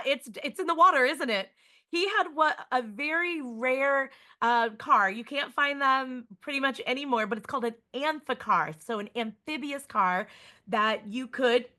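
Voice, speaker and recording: A woman museum educator giving a lively online lesson to students, chatty and checking in with listeners often. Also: sits high, moderate pace.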